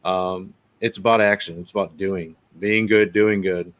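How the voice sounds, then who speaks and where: A man's voice: deep voice, steady tone, measured pace. A man as a podcast guest, telling a story bluntly with lots of swearing. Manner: blunt, profane, plainspoken. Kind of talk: casual storytelling chat.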